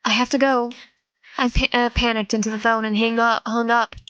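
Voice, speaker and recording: A woman reading a visual novel aloud, slowly, with frequent slips and self-corrections. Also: fairly high pitch, little pitch movement, a bit bright, smooth, dry recording, muffled recording. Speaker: let's play narrator.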